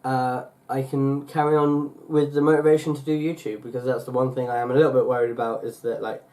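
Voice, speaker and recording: A man's voice: medium pitch, fairly even intonation, fast talker, mellow. A young man from England talking casually on his vlog, rambling with lots of fillers and restarts. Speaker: YouTuber.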